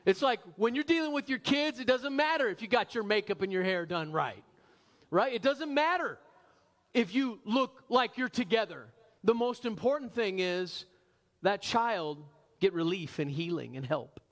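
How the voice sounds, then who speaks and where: High-voiced man preaching a sermon. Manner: animated preaching with rhetorical questions to the congregation; varies pace, slows for emphasis. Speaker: pastor.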